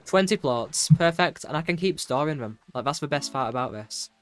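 A young man in casual gameplay commentary, excitable and chatty, talking to himself with lots of fillers. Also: a little high, normal speed. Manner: excitable, chatty, full of fillers and self-talk. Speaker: gameplay streamer. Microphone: desk microphone with keyboard noise.

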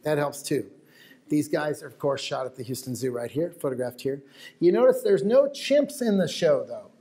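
A man's voice: a little high, lively intonation, moderate pace, dark tone. An American man giving a talk to a live audience, telling stories in a chatty way with asides to the crowd. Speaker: wildlife photographer giving a talk. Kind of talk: lecture to an audience.

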